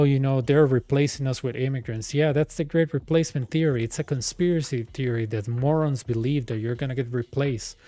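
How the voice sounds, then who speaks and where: A man's voice: fairly high pitch, mellow, no echo. Exasperated young man. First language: Spanish. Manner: exasperated, rambling, says dude a lot. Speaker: gaming streamer. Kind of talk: casual rant while gaming.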